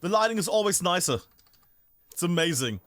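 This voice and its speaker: Man, game streamer, high lively voice, rambling commentary. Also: fairly quick, no room sound. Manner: chatty, thinking aloud, self-interrupting.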